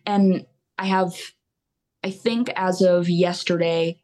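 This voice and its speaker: A woman's voice: lowish voice, fairly even intonation, slow pace, a little mellow. A young woman singer-songwriter talking openly and at length as a podcast guest. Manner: open, candid, rambling with fillers. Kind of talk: casual podcast interview.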